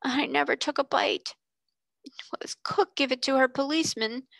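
A woman's voice: high-pitched, normal speed, gravelly, fairly bright tone, no echo, voice pushed up. A woman voicing a poor, frightened servant girl, pleading through tears. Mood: sobbing. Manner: tearful pleading in dialect. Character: poor Cockney scullery girl, sobbing, frightened.

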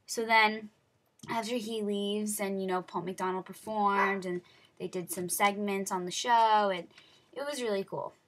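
A teenage girl recounts her day in a chatty vlog, her voice bright and forward. She gushes along, packing her sentences with fillers and tumbling from one thought to the next. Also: medium pitch, measured pace. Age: teens. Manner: gushing, excitable, many "like" fillers. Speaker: vlogger. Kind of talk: casual storytelling vlog.

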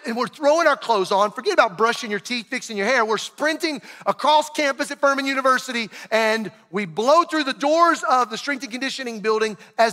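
Middle-aged pastor, lively sermon storyteller with a high voice; echoing auditorium. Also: male voice, brisk. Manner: animated storyteller, acting out shouted quotes. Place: large church auditorium. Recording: long hall reverb.

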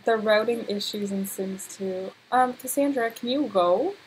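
A young woman giving casual, excitable let's-play commentary, full of gasps and laughter. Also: medium pitch, moderate pace, slightly rough, rough recording. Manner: excitable, laughing, exclamatory reactions. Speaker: gameplay commentator.

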